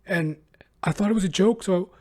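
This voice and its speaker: A halting, mocking woman's voice , put on by a man, pitched well above his own. It pauses and fills with ums as it tells its account. The impression is sarcastic throughout. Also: warm tone. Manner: halting, hesitant, full of ums.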